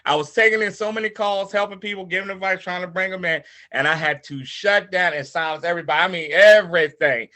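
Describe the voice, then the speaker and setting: Man, high and very bright voice, fired-up storyteller who acts out quotes. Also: fast, few pauses. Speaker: participant in a coaching call. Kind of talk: personal story told to a group.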